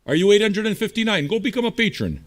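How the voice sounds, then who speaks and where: A man's voice: high-pitched, sing-song, fast talker. A man hosting a livestreamed music show, answering viewer chat in a blunt, profane, combative way. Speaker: streaming radio DJ host.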